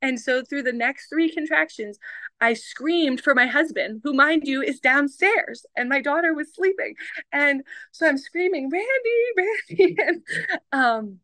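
A woman's voice: high voice, a little slow, sharp tone, no room sound. A woman guest on a podcast, telling a story in a chatty way, full of fillers and acted-out dialogue. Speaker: guest, medical doctor. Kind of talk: casual storytelling in a podcast interview.

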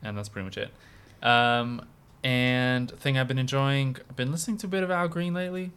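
A man's voice: medium pitch, steady tone, brisk, a bit bright, clear, resonant tone. A man who is a guest on a podcast in casual chat, jokey and enthusiastic, swearing now and then.

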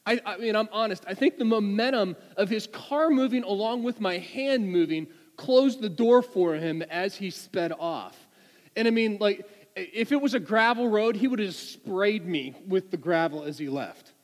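A man preaching in story form, animated and stammering through restarts. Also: sits high, long reverb tail. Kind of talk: storytelling sermon.

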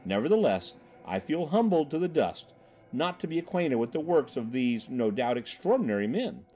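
Polite young storybook traveler, put on by a male reader, eager and earnest, higher voice. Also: big pitch swings, normal speed, mellow.

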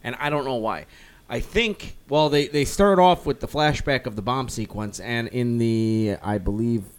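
Man, podcast co-host, casual rambling chat, mid-pitched voice, filler-heavy. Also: moderate pace, clear, resonant tone. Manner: rambling, lots of "like" and restarts, acts out characters loosely. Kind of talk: casual comic book discussion.

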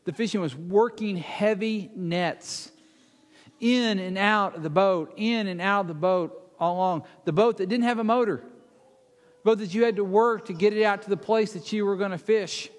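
A man delivers a sermon with a fairly high voice, retelling scripture as drama. He acts out the speakers in the story and sinks to a hush when he wants to stress a point. His voice rings with the long reverb of a large hall. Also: normal speed. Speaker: preacher.

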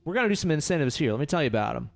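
A man's voice: fairly high pitch, sing-song, very fast, creaky. A man co-hosting a podcast, chatting casually with joking, playful banter. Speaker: podcast co-host.

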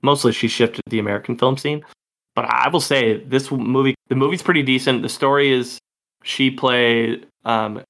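A man's voice: medium pitch, fairly bright tone. A man co-hosting a casual film podcast, chatty and loose, swearing now and then. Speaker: podcast co-host.

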